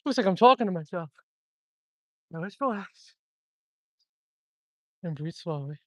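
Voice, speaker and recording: A man's voice: high voice, animated, a little slow, fairly bright tone, no room sound. A man vlogging to himself outdoors, his voice close and dry on a propped-up phone mic. He chats in a loose, self-mocking way and sounds a little winded. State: out of breath after a run. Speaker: band member vlogging. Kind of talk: casual solo vlog on a walk. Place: outdoors, open area. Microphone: phone propped up, headphones unplugged.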